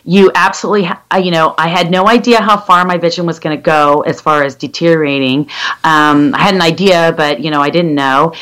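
A woman in her fifties, a guest telling her own story in a candid, halting way with many restarts. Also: sits low, steady tone, a bit bright, smooth, poor audio. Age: 50s. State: legally blind. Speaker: interview guest. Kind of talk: personal story in conversation.

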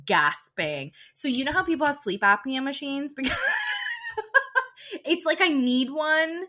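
A young woman co-hosting a podcast, telling stories in an animated way and laughing often. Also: sits high, normal speed. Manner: animated storytelling, frequent laughter. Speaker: podcast co-host. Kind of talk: casual chat.

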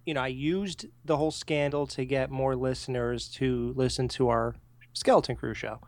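A man co-hosting a podcast, telling stories in a casual, animated way and swearing freely. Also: mid-range voice, moderate pace, no echo. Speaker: podcast co-host. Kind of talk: casual profane chat.

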